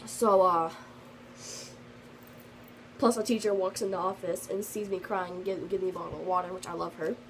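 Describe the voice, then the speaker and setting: A woman's voice: on the low side, fairly even intonation, moderate pace, long pauses, slight background noise, rough recording. A teenage girl telling a storytime vlog in a rambling, casual way, full of fillers, and slightly sick. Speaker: vlogger.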